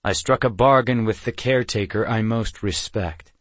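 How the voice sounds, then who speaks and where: A man's voice: fairly low pitch, moderate pace, no echo, close to an everyday voice. A man voicing a grim antlered male beast-man chieftain who speaks in cold, formal sentences. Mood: stern.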